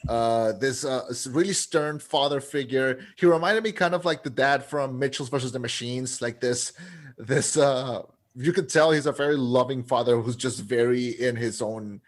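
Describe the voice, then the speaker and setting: A man co-hosting a podcast, talking eagerly about a film and often restarting his sentences. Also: medium pitch. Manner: enthusiastic, halting, many restarts. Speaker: podcast co-host. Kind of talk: casual podcast chat.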